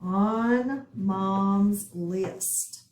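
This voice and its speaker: Slow, patient woman teaching phonics. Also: medium pitch, darkish tone, echoey room, slight background noise. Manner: patient, repeats each word twice. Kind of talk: slow, deliberate phonics lesson.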